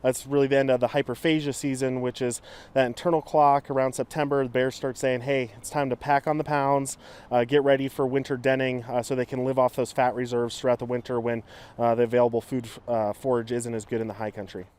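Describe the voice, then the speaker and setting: A man's voice: mid-range voice, flat delivery, a little fast, a little mellow, smooth. A man working as a wildlife official, explaining things in an informative way with frequent "uh" fillers. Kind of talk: explanatory interview answers.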